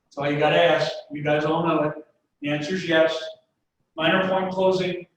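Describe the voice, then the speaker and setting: A man's voice: on the high side, steady tone, normal speed. A man giving a webinar sales presentation, talking straight to his audience in a folksy, story-driven way. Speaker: sales trainer. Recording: echoey room, distant mic, faint noise.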